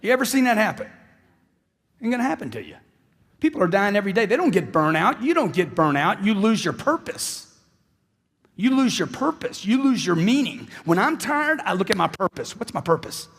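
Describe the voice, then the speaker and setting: Male motivational speaker on stage, high and very lively pitch, husky edge, repeats key lines for emphasis; long hall reverb. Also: fairly quick. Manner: animated, repeats lines for emphasis and acts out dialogues. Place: large hall with live audience.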